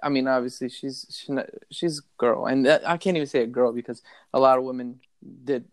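A man in casual podcast chat, telling animated stories about his son with lots of swearing. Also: mid-range voice, brisk, dry recording, studio quality. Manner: animated storytelling, heavy swearing.

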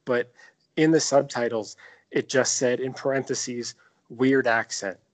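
This is a man in his thirties, talking casually on a podcast, loose and joking, with a lot of swearing. His pitch sits at an everyday middle level for a man. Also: fairly even intonation, measured pace. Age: 30s. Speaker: podcast co-host. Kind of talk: casual chat.

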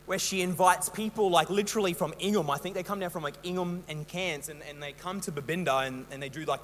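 Young Australian man, preacher, high voice, rambling casual sermon, long hall echo. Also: a bit bright, a little hiss or hum. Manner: chatty, rambling, self-mocking with many fillers. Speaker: pastor.

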